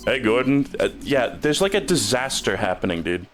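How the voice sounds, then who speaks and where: A man's voice: fairly low pitch, very animated, moderate pace, over music. A man streaming a game, rambling in casual commentary and stumbling over repeated words when he gets stuck.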